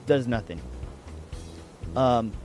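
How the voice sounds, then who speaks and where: A man's voice: medium pitch, animated, extremely slow, darkish tone, faint music behind. A man from Texas telling a story casually, with wry, profane, laid-back humor.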